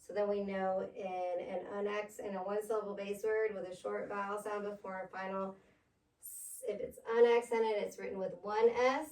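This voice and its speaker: A woman's voice: medium pitch, flat delivery, moderate pace, darkish tone, far from the mic. A woman tutoring a pupil in phonics, patiently spelling words out letter by letter. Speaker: reading tutor. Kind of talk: one-on-one phonics lesson. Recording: echoey room, voice off-mic.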